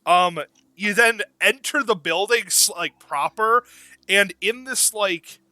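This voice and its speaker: A man's voice: sits high, slow pace, sharp tone, dry recording. A young man running a tabletop game as game master, rambling and often searching for words.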